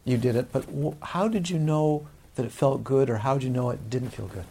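A man's voice: medium pitch, fairly quick, creaky, warm tone, a little hiss or hum. A man teaching a Buddhist dharma talk to a live audience, in a conversational way with frequent questions to the listeners.

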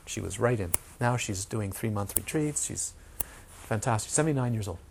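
A man's voice: fairly low pitch, lively intonation, moderate pace, gravelly, slight background noise. A man teaching meditation in a dharma talk, repeating key words for emphasis and sometimes dropping to a whisper. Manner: repetitive, emphatic, drops to a whisper in quotes.

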